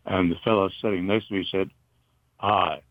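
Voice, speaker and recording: An older man from North Carolina, a retired broadcaster, reminiscing in a halting, rambling way with many fillers. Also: deep voice, fairly even intonation, no echo. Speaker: interview guest, retired broadcaster. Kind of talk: casual reminiscing. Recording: dull, muffled dry recording.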